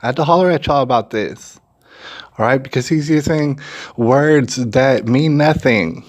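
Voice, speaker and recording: A man's voice: mid-range voice, unhurried. A man from San Antonio, hosting his own opinion vlog and talking emphatically and repetitively straight to his viewers. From San Antonio, Texas. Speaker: channel host.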